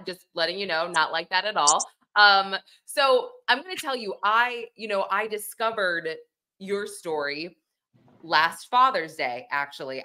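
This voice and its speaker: A woman hosts a podcast interview, chatty and enthusiastic, with frequent fillers. Her voice sits a little low but has a bright, forward tone. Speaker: podcast host. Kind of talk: casual interview.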